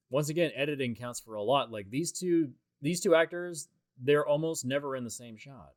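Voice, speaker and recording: A man's voice: mid-range voice, normal speed, no echo, clean studio sound. A man giving a casual, rambling commentary track on a film, talking in a loose, conversational way. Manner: rambling, conversational, with many fillers and restarts.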